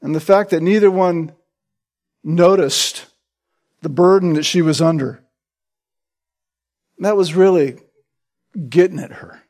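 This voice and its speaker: A man preaching a sermon, emphatic, often checking in with his listeners with a quick "right?" and restarting words as he presses a point. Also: high voice, darkish tone.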